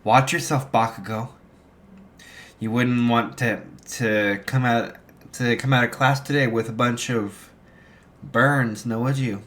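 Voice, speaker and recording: A man's voice: medium pitch, steady tone, unhurried, fairly bright tone, lightly acted. A man doing a furious young hero vowing revenge. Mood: threatening. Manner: menacing threats.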